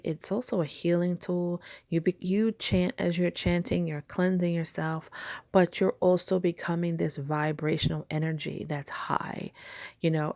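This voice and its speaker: A woman with a low, gravelly voice talks casually about spiritual practice. Her delivery rambles and often sinks to a soft whisper. The recording is dry and close. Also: dry recording. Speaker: spiritual teacher.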